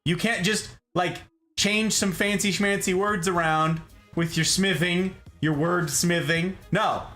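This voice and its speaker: A man's voice: sits high, fairly even intonation, measured pace, pushed and bright, soft background music. A man hosting a casual live stream, chatting playfully and greeting viewers by name. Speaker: streamer host. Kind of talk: casual chat reading live chat.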